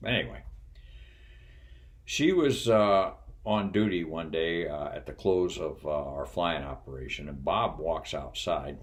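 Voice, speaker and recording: An older man with an extremely deep, low voice recalls his flying days. His talk is folksy and unhurried, full of pauses and little chuckles. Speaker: retired pilot and flight instructor. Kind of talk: casual storytelling.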